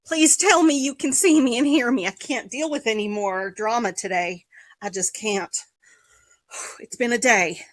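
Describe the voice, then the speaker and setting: A woman hosting a casual livestream sale from a basement, talking in a mock-calm, sarcastic way with sighs and throat-clearing. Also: fairly high pitch, measured pace, dry recording. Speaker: livestream seller and host. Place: home basement room.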